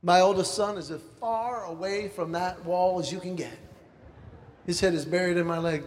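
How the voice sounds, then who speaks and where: A man telling a personal story about his sons to a church, animated and acting out the voices. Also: high voice, normal speed, big-room sound, a little hiss or hum. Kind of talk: storytelling sermon illustration.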